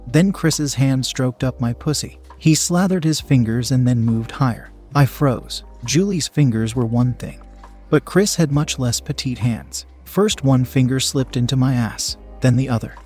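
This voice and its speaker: A man narrating a first-person erotic story in an even reading tone. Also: mid-range voice, a little slow, breathy edge, soft background music.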